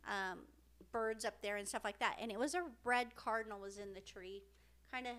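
A woman's voice: mid-range voice, fairly even intonation, moderate pace, a bit bright. Earnest, emotional middle-aged woman. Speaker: podcast co-host. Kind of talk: casual heartfelt podcast chat.

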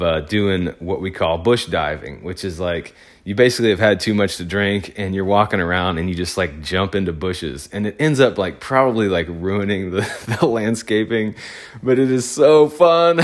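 A man with a low, deep voice tells a personal anecdote in a loose, casual way. He rambles and keeps leaning on filler words, and he livens up when he retells the scene. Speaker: event photographer.

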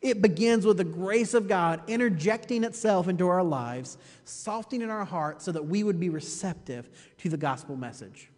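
A man's voice: high-pitched, lively intonation, moderate pace, hardly any pauses, darkish tone, in a large hall. A man preaching a sermon as pastor, emphatic and repeating his phrases for weight, often turning to the listeners with a rhetorical "you see.".

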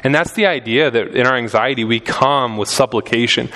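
A young man preaching in a church, talking to the congregation in a conversational way and rising in intensity on his key points. His voice sits at an ordinary middle pitch. It carries a long reverb from the hall. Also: fairly quick, few pauses, pushed and bright, a little hiss or hum. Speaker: pastor. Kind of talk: sermon.

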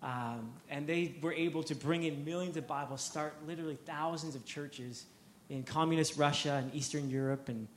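A man's voice: on the high side, moderate pace, reverberant, a little hiss or hum. A man preaching a sermon, telling a story with energy, repeating words and acting out the quotes.

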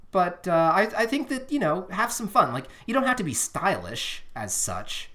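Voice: medium pitch, wildly swooping pitch, normal speed, sharp tone. Rambling, earnest podcast co-host. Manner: rambling, self-interrupting, earnest. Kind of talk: casual chat. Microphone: drifting off the microphone at times.

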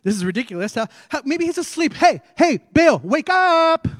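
A male preacher acting out an ancient prophet who loudly and sarcastically mocks his rivals. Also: a little high, expressive, quick pace, slightly rough, dry recording, clean studio sound, long reverb tail. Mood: mocking. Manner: mocking, shouting.

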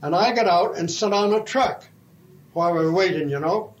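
Older man, high-pitched voice, folksy halting storyteller, muffled lo-fi tape. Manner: slow, halting, folksy yarn-spinning. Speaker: retired railroad fireman. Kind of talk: oral history storytelling.

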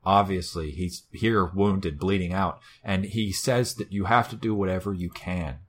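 Brief: low-pitched male host, casual and profane, wry retelling. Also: steady tone, measured pace, breathy edge. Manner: swears a lot, wry storytelling. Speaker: podcast co-host. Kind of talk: casual chat.

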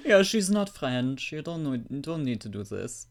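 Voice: medium pitch, very animated, moderate pace. A podcast co-host chatting casually about an episode, easygoing and agreeable, with hesitant restarts and chuckles. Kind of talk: casual recap chat.

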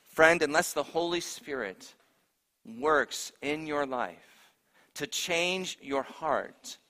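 A man's voice: fairly high pitch, lively intonation, takes it slowly. Man preaching in a reverberant hall. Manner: preaching with sharp swings from hushed to loud. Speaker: pastor. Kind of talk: sermon.

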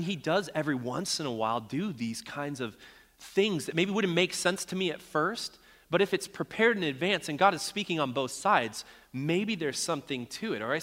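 A man delivering a sermon in a loose, conversational manner, telling stories with plenty of fillers. His voice is bright and forceful. The sound carries a long reverb from the hall. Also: mid-range voice. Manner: conversational, storytelling, many fillers. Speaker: preacher.

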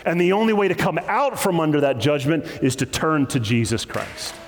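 A male pastor preaching a sermon, animated, acting out the quoted voices with sudden leaps in pitch. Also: moderate pace, soft background music. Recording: long hall reverb.

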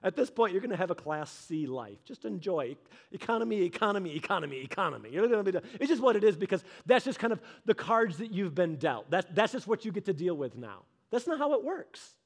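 A male preacher with a high voice delivers a sermon, and his delivery is casual and humorous. He retells the story by slipping into quick voices for each character. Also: sing-song. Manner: humorous and conversational. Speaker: pastor.

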